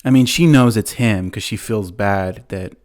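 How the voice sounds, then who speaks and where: A man hosting a podcast, casually retelling a movie plot in a rambling way, full of fillers and quick laughs. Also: fairly low pitch, darkish tone. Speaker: podcast host.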